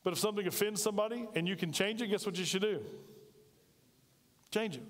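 A man's voice: sits high, fast talker, pauses often. A man preaching a sermon in a chatty way, full of asides and rhetorical questions. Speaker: pastor. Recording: reverberant hall.

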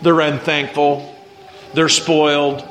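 A man's voice: fairly high pitch, flat delivery, slow pace, a bit bright, slight background noise. A man preaching a sermon to his church in a conversational way. He asks the congregation questions and acts out the voices of people he quotes. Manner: acts out quoted voices, repeats words when starting sentences. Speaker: pastor.

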